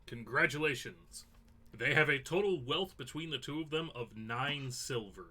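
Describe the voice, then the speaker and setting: A man's voice: medium pitch, animated, moderate pace, sharp tone. A man narrating a tabletop game as game master, with wry, theatrical descriptions.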